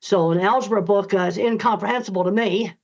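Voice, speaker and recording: A woman's voice: medium pitch, fast. An older woman answering interview questions in a blunt, emphatic, direct way. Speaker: guest author. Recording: dull lo-fi audio.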